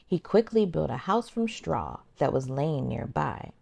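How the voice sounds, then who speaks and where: A woman hosting a children's circle time, gently and expressively reading a storybook aloud to toddlers. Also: low voice, big pitch swings, measured pace, creaky, breathy edge, no echo.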